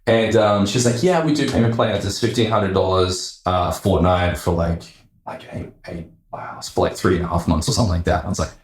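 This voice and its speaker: A man, a podcast guest telling a story in a casual, animated way, acting out quoted voices and swearing freely. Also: deep voice, fairly quick. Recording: roomy echo.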